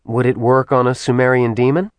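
A man's voice: mid-range voice, level tone, a little fast, no echo, pitched above the performer's own voice, close to an everyday voice. A man voicing a determined young woman who briefs her team. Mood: brisk.

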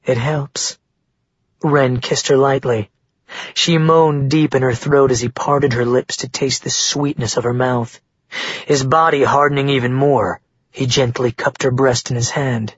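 Husky male audiobook narrator, dry booth sound. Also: mid-range voice, fairly even intonation, a little slow, no room sound, dull audio. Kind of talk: scripted narration.

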